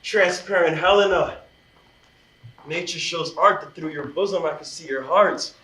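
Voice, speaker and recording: An ardent, impulsive young lover, as a man plays him on stage, declaiming verse so the house can hear. His voice sits high and bright. It is caught from far off in a ringing theater. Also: unhurried, slight background noise. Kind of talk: live stage acting. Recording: echoey stage, recorded from far off.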